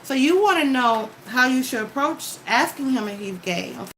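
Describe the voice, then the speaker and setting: A woman's voice: sits high, lively intonation, normal speed, a bit bright, a little hiss or hum, low-quality recording. A woman giving a casual tarot reading, talking straight to the viewer with advice and frequent "okay?" check-ins. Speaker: tarot card reader.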